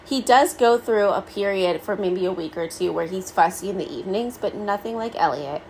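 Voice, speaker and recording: A woman's voice: medium pitch, moderate pace, darkish tone, a little hiss or hum, poor audio. A woman in her thirties hosting a solo podcast, talking candidly and casually with many "like" fillers. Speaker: podcast host.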